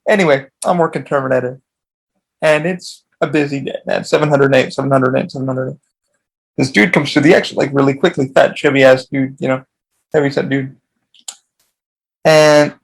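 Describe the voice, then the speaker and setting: A man with a gravelly, creaky voice. He rambles through casual stories, swears freely and often stops to restart a sentence. His voice sits a little high for a man. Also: poor audio. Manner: profane, rambling, with frequent restarts. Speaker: podcast host.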